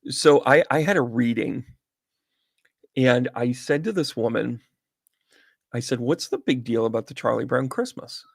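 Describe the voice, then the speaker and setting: Speaking at a measured pace with medium pitch, vocal fry, and frequent pauses, a male psychic medium reads tarot on a casual livestream. He chats with viewers by name and wanders into rambling stories, close to a sensitive mic with no room sound.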